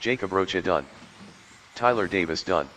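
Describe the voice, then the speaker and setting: A deep-voiced man reads out drivers' names at a race, one at a time, in flat, clipped calls. Faint noise sits under his voice. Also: normal speed. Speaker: race official reading results.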